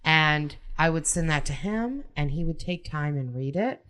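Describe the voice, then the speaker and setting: A woman's voice: sits low, lively intonation, moderate pace, fairly bright tone. A woman candidly telling a personal story in a casual podcast chat. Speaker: podcast guest.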